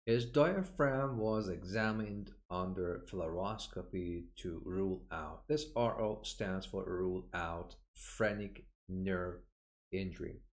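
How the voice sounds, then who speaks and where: This low-voiced man walks through medical terms in a recorded online lesson, saying each one slowly again after explaining it to model pronunciation. "Uh" fillers crop up often.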